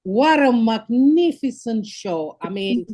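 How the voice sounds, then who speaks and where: Unhurried Romanian-accented woman, effusive guest testimonial. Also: on the high side, expressive, dark tone. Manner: gushing, exclamatory, searching for words. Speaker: conference attendee. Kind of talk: enthusiastic casual testimonial.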